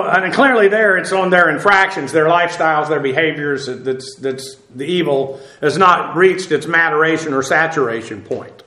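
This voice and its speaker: High-voiced man teaching a sermon, echoey. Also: fairly bright tone. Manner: plain conversational teaching with frequent fillers and restarts. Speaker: pastor.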